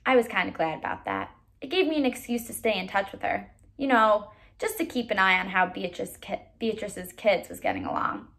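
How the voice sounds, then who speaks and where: A woman, a teacher, reads a novel aloud to a child, expressive with occasional stumbles. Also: mid-range voice, a little fast, vocal fry.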